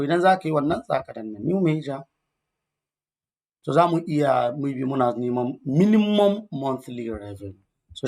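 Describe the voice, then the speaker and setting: A man, explaining software step by step in a calm screen-recorded tutorial, mixing in English terms. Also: medium pitch, creaky.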